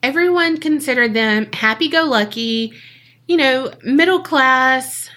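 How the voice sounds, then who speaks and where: A woman's voice: high-pitched, lively intonation, unhurried, fairly bright tone. A woman, co-hosting a podcast and telling a story in a casual, jokey way that is full of swearing. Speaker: podcast co-host.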